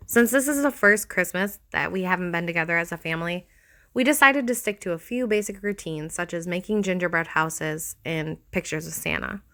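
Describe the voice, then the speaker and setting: Bright-voiced woman narrating horror stories. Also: lowish voice. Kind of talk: scripted horror story narration.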